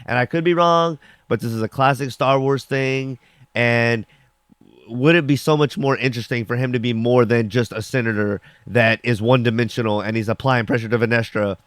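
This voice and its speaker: A man's voice: medium pitch, steady tone, normal speed, fairly bright tone, clean tone, no echo, studio quality. A young man casually reviewing a TV episode, rambling with lots of fillers and acting out characters' lines as he recaps. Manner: rambling, filler-heavy with frequent "like".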